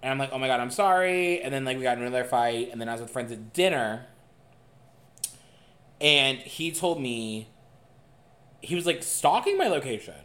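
A young man co-hosting a podcast, telling a dating story in a casual, animated and profane way. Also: medium pitch, normal speed, pauses often. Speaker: podcast co-host. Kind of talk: casual chat.

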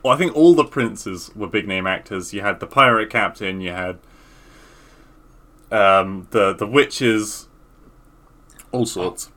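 A man's voice: lowish voice, takes it slowly, pauses often, pushed and bright. A man co-hosting a podcast in casual chat, loose and sweary, trailing off mid-thought. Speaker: podcast co-host.

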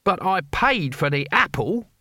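A man voicing an ancient male barbarian hero who speaks slowly, haltingly and testily in an audiobook. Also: on the high side, expressive, a bit bright, no echo, studio quality, pitched above the performer's own voice. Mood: blunt. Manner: halting, slow and testy.

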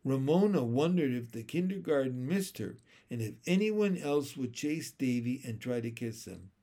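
A man reading a children's chapter book aloud in an expressive, unhurried way. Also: mid-range voice. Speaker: storyteller.

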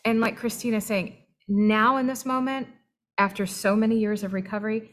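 A woman's voice: mid-range voice, fairly even intonation, moderate pace, fairly bright tone. A woman co-hosting a faith-based talk, supportive and earnest as she speaks straight to listeners. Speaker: webinar co-host. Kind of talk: candid faith-based conversation.

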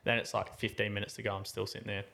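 A young man tells a story on a podcast in a relaxed, chatty way. He animates it by putting on voices for the people in it, and his voice swings high and low as he goes. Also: racing, vocal fry. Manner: animated, acts out both sides of the story with voices. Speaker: podcast co-host. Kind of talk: casual storytelling chat.

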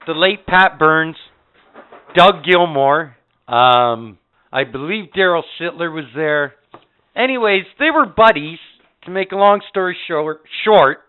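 A man's voice: fairly high pitch, clear, resonant tone. A man telling rambling, profane stories as a podcast co-host in casual chat. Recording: tinny phone-like audio.

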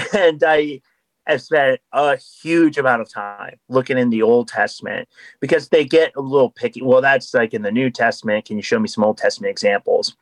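A man's voice: medium pitch, moderate pace, no room sound, low-quality recording. A man, a podcast guest, talking in an earnest, explanatory way in casual conversation.

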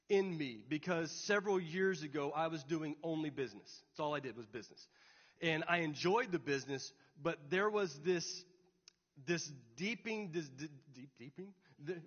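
A man's voice: fairly high pitch, fairly bright tone. A young adult man, a pastor, telling a personal story in an earnest sermon. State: tearful. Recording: dull recording, long hall reverb.

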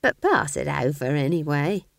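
A woman's voice: sits low, sing-song, moderate pace, creaky, no echo, studio quality, exaggerated voice. A woman doing a cheeky, earthy old witch. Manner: chatty, blunt and cheeky. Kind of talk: audiobook character voice.

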